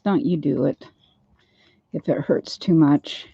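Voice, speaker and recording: Older woman vlogger, unhurried and gravelly, rambling chat with easy laughs, dull lo-fi phone sound. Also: sits low, mellow. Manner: rambling, laughs easily, slow and chatty. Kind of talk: casual chat. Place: at home, then out in the yard.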